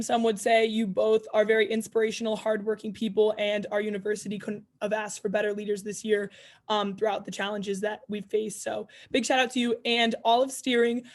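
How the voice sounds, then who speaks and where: A young woman giving an upbeat, casual farewell speech on a video call, full of shout-outs to her peers. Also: fairly high pitch. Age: young adult. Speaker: student representative. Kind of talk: farewell speech at online meeting.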